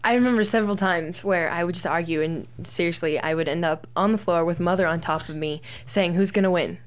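A woman's voice: lowish voice, a little fast. A young woman guest recalling her childhood on a talk show. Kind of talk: casual recollection.

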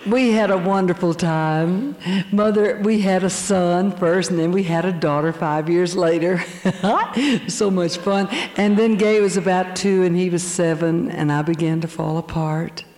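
An older woman telling her church testimony, animated and quick to laugh. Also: on the low side. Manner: animated storytelling, laughing often. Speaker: speaker giving a testimony. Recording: long hall reverb.

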